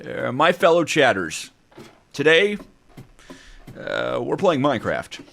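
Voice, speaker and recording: A man putting on the voice of a statesmanlike male politician addressing his stream chat, with measured pauses and many "uh"s. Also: mid-range voice, sing-song, creaky, fairly bright tone, voice pushed up, full character voice. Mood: solemn. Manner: halting, full of measured "uh" pauses.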